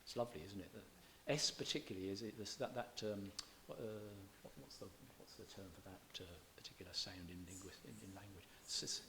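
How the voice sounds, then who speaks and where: A man's voice: low-pitched, steady tone, a little fast, hardly any pauses, pushed and bright, a little hiss or hum. A man lecturing on poetry to an audience, chatty and digressive, often stopping to correct himself. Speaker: visiting lecturer in English. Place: church hall.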